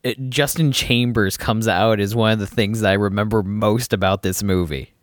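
A man co-hosting a casual movie review podcast, relaxed and chatty. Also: on the low side, normal speed, dry recording, studio quality. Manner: relaxed, chatty, with frequent "uh" fillers. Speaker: podcast co-host.

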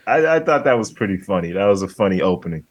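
A man co-hosting a podcast, retelling movie scenes in an animated way, with laughs and many restarts. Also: sits low, fast. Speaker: podcast co-host. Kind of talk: casual movie review chat.

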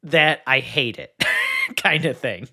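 Male podcast co-host, higher pitch and bright tone, animated film critic. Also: takes it slowly, vocal fry, slightly rough. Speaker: film reviewer. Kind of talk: casual podcast discussion.

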